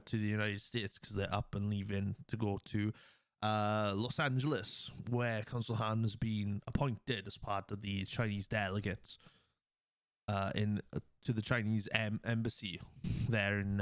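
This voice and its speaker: Brief: male podcast host, casual rambling plot recap, smooth clear voice, dry close sound. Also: fairly low pitch, fairly even intonation, a little slow, dry recording. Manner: rambling, heavy with fillers; acts out quoted lines.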